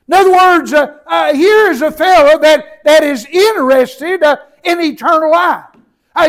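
A man preaching a sermon, reading scripture aloud slowly and breaking into shouts for emphasis, with many repeated words and filler sounds. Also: extremely high pitch, rough recording.

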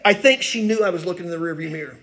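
Older pastor, high voice, roomy sound. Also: male voice, racing, a bit bright. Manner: folksy, self-deprecating storytelling. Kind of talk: sermon. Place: church sanctuary.

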